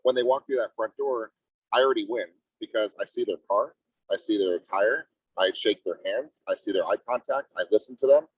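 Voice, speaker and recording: Here a real estate agent talks insistently to his team, pitching like a salesman and constantly checking with "right?" The husky voice moves a little fast, there's no echo, and the sound is muffled and low in fidelity.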